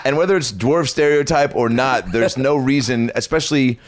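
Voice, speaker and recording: A man co-hosting a podcast in casual chat, reacting quickly. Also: medium pitch. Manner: chatty, quick reactions and laughs. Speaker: podcast co-host.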